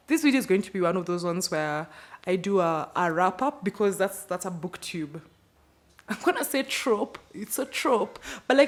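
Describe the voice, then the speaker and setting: A woman with a Kenyan accent, chatting casually about the books she read this month, with playful slangy asides. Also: medium pitch. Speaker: book channel host. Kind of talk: casual book wrap-up video.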